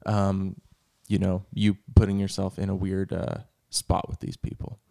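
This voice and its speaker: A man hosting a podcast in casual chat, quizzing his co-hosts in an animated, playful way. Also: deep voice, unhurried, creaky. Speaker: podcast host.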